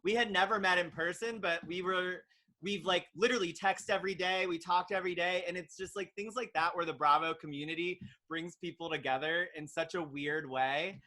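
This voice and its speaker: A man's voice: high-pitched, steady tone, brisk, sharp tone. A young man who is a guest on a podcast, chatting casually and enthusiastically, full of "like" and "literally". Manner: enthusiastic fan talk, filled with "like" and "literally". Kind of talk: casual chat.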